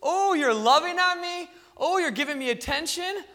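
A man's voice: very high voice, lively intonation, normal speed, sharp tone, big-room sound, pitched above the performer's own voice, full character voice. A man voicing a smug, self-centered male house cat that preens over the attention it gets.

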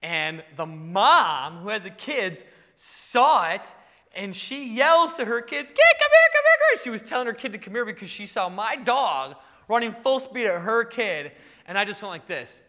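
A man's voice: sits high, a little slow, in a large hall. A male pastor preaching, telling playful stories with frequent laughter. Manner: animated, playful storytelling. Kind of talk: sermon.

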